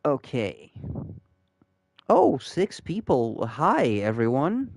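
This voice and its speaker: A man's voice: medium pitch, huge pitch swings, extremely slow, vocal fry. A man streaming a game live, chatting casually and rambling with his chat. He swears freely as he plays.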